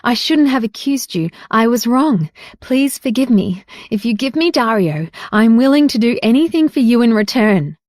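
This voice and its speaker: A woman voicing a scheming young woman who pleads in a high, shrill voice. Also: lively intonation, normal speed, few pauses, a little mellow, no room sound, clean studio sound, close to an everyday voice. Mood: pleading.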